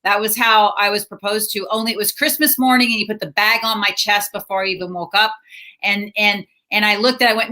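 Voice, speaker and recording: Funny woman on a video call, bright highish voice, jokey and playful. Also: fairly quick. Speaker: comedian guest. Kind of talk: casual interview chat.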